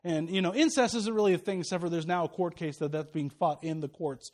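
A man with a notably high voice preaches a sermon as a pastor. His delivery is animated, sinking low and soft for asides, then climbing high and loud when he warns his listeners. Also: fast.

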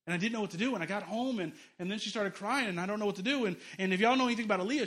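A middle-aged man preaching with a high, bright voice. He rattles along quickly and acts out the voices he quotes with energy. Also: a little hiss or hum. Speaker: pastor. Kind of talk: sermon.

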